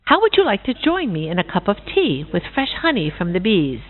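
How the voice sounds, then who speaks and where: A woman voicing a cheerful, sociable busybody pig with a bright, chatty manner, on a tinny recording. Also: medium pitch, wildly swooping pitch, moderate pace. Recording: tinny phone-like sound.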